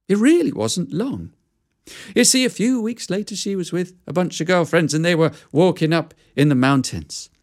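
A woman storyteller telling a fairy tale in an animated, conversational way with asides to listeners. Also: lowish voice.

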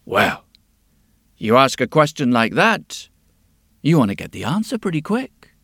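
A man's voice: medium pitch, very animated, unhurried, a bit bright, no echo, studio quality. A man telling a story in a dramatic way, often dropping to a whisper. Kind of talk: spoken storytelling to music.

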